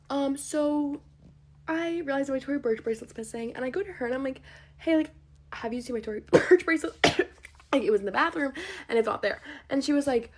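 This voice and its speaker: A woman's voice: on the high side, husky. A young woman telling a personal story in a casual, rambling way, full of fillers and acted-out quotes. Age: young adult. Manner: rambling, filler-heavy, animated retelling.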